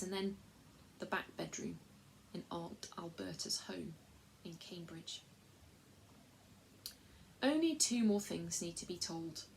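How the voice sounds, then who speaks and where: Brief: woman reader, measured storybook narration, middle-pitched, faint hiss behind. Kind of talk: storybook read-aloud.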